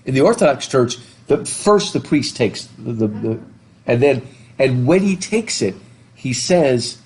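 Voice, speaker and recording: A middle-aged American man lecturing in a classroom, animated, reading passages aloud and joking with his students. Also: medium pitch, measured pace, slightly rough. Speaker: literature professor.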